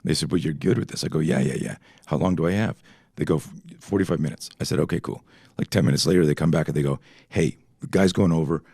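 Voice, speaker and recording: A man's voice: very deep voice, fast, creaky, a little mellow, husky, dry recording, studio quality. A man in his fifties, a podcast guest, telling rambling stories full of tangents and swearing in a casual chat. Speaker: podcast guest, self-defense instructor.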